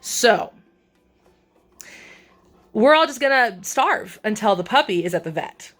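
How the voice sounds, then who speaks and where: A woman's voice: animated, fairly quick, creaky, long pauses, a bit bright. Chatty woman vlogging about her dogs. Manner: chatty, talks to her dogs in a high coaxing voice. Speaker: vlogger and pet owner. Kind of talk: casual vlog chat. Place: home, then car and vet office.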